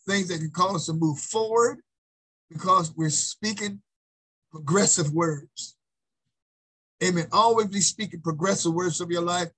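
Husky high-voiced male preacher. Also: sharp tone, rough recording. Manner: emphatic, repetitive call-and-response preaching. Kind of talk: sermon.

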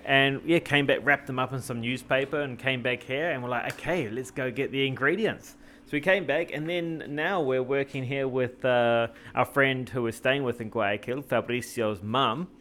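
A man's voice: medium pitch, fairly even intonation, moderate pace, few pauses, fairly bright tone, a little hiss or hum. A man hosting a casual travel cooking vlog, talking in a rambling, jokey way with lots of fillers and restarts. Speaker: travel vlogger and host.

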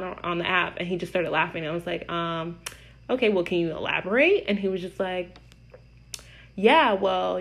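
A young adult woman telling a casual story to her camera, blunt and animated, swearing freely. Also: fairly low pitch, rough recording. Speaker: vlogger.

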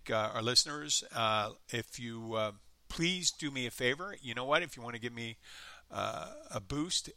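A man with a light Philadelphia accent hosts his own podcast in a loose, rambling chat, poking fun at himself. His voice is very bright and forward. The sound is dry and close, with no room around it. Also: mid-range voice, creaky, dry recording. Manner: rambling, self-deprecating, chatty. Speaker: podcast host. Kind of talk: casual solo podcast chat.

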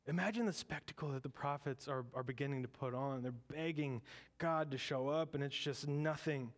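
A male pastor preaching in a slightly high voice. He talks in a lively, conversational way and slips in joking asides. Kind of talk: sermon.

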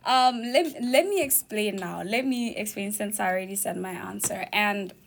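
A woman's voice: medium pitch, normal speed, creaky, a little hiss or hum. Chatty young woman from Botswana. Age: young adult. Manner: chatty, laughs often, keeps asking "you know what I mean". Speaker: podcast host. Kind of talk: casual podcast chat.

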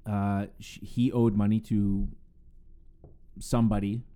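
A man's voice: fairly low pitch, level tone, takes it slowly, warm tone. A man co-hosting a podcast in casual chat, laid-back and often restarting his sentences while building on the story. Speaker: podcast co-host.

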